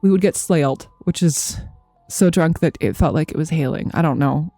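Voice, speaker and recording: Streaming games from home, a thirtysomething woman talks with her viewers in a low, mellow voice at normal speed. The audio has no echo and faint music behind it, and she rambles, swears freely and laughs a lot in a loose, casual chat.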